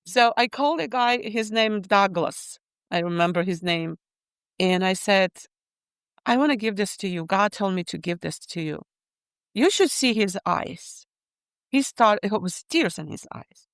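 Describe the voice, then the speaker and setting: Animated older Ukrainian woman telling her story. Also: medium pitch, measured pace, no room sound, clean studio sound. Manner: animated storytelling, acts out quoted voices; non-native grammar, repeats words. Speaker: guest. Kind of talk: testimony in a podcast interview.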